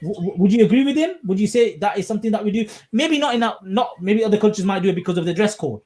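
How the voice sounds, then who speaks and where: A man's voice: high-pitched, quick pace. A man from England hosting a casual podcast discussion, talking emphatically and often checking in with his listeners. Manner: animated, emphatic, frequent checks like "you understand?". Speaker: podcast host.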